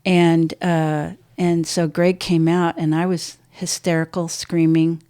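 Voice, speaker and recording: An older woman, appearing as a podcast guest, tells a painful personal story in a flat delivery. She halts and restarts, her voice dropping low and soft at the hard moments.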